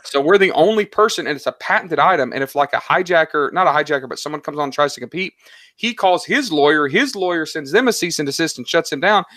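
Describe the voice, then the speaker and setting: A man on a podcast as a guest, telling stories in lively casual chat that is full of "like" and "right?". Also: a little high, fast talker, no echo, clean studio sound. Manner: animated storyteller, lots of "like" and "right?". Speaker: podcast guest, online seller.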